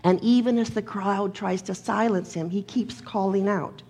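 A woman preacher delivering a sermon in a measured, emphatic manner, leaning on repeated phrases and a gravelly voice. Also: medium pitch, steady tone, mellow.

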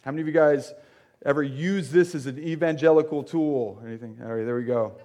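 A man's voice: on the high side, brisk, mellow. A young man giving a conversational sermon as a pastor, joking with the congregation and using lots of fillers. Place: church sanctuary.

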